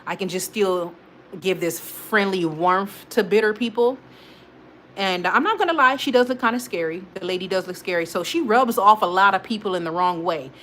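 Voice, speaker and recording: A woman in a casual live-stream chat, animated and rambling, full of slang and quick restarts. Her voice sits at a middle pitch, neither high nor low. A faint hiss sits under her talk. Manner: rambling and animated, talks straight to viewers, frequent laughs and restarts; informal slang-heavy speech. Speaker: host of a weekly live check-in stream.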